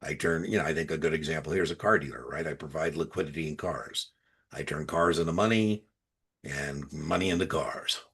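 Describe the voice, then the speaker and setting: Tutoring for a securities exam, a man with a husky, very deep voice speaks a little fast, blending explanation with relaxed anecdotes. He's conversational and storytelling, and lowers his voice for asides.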